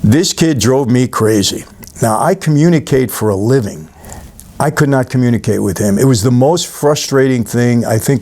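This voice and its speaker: A man's voice: mid-range voice, darkish tone. A middle-aged New York man talks straight to camera, walking his viewers through a film scene by scene. His delivery is easy and conversational, with a storyteller's habit of stopping to speak to the audience directly. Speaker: channel host reviewing a film. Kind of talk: casual talk-to-camera film recap.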